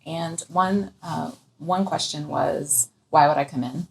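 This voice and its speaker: A woman thermographer speaking calmly and reassuringly in a casual discussion. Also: low voice, slow pace, creaky, poor audio. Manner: reassuring, calming. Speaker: clinical thermographer.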